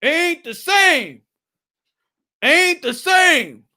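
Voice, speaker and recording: A man's voice: extremely high pitch, very animated, very slow, bright, forceful tone, pitched above the performer's own voice, exaggerated voice. A man voicing a husband who stammers and defiantly defends his favorite boxer. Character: defensive male boxing fan husband.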